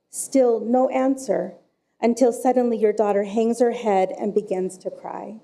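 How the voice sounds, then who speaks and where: Woman speaker at council podium, higher bright tone, measured storytelling. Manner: slow, measured storytelling delivery. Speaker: director of forensic services. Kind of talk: prepared public comment at council meeting.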